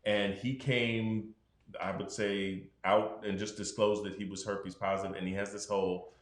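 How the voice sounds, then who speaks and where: A man's voice: fairly low pitch, little pitch movement, moderate pace, roomy sound. A man, a doctor, explaining health matters frankly in a casual podcast conversation. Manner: explanatory, frank, acts out patients' voices.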